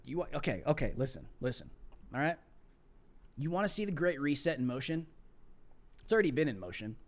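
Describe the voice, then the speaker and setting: A man's voice: on the high side, big pitch swings, fairly quick. A man hosting a live political commentary stream, ranting with mocking sarcasm and laughing at his own jokes.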